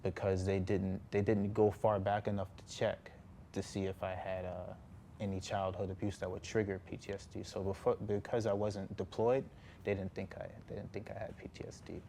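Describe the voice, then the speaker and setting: Young guy on a talk show couch, deep monotone, lots of uh and restarts, kinda halting. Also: vocal fry, slight background noise. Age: about 20. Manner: hesitant, halting, many fillers and restarts. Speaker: guest, former Marine.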